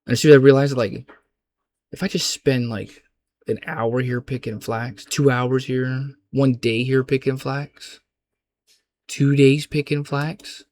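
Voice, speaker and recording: Young man, gaming vlogger, casual rambling chat, slangy, mid-pitched voice. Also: fairly even intonation, measured pace, darkish tone. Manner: loose, slangy, rambling with frequent restarts.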